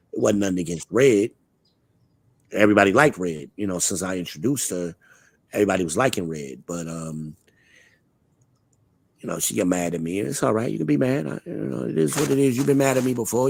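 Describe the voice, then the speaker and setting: A man's voice: fairly low pitch, vocal fry, breathy edge, no echo. A man from Charlotte hosting a live online talk show, talking in a blunt, profane, swaggering, opinionated way. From Charlotte, United States. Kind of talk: casual opinionated chat.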